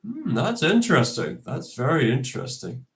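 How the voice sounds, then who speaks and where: Still getting over a cold and coughing, this Scottish man hosts a video tribute in a slightly high, fairly bright voice with big pitch swings at a moderate pace. His delivery is casual and halting, littered with fillers and false starts.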